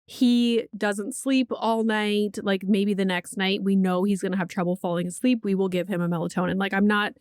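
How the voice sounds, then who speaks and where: A woman's voice: medium pitch, steady tone, normal speed, few pauses, darkish tone, clear, resonant tone, no echo, clean studio sound. A woman hosting a podcast in casual chat, telling a parenting story candidly, swearing freely and saying "like" often. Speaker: podcast host; mother of a young child.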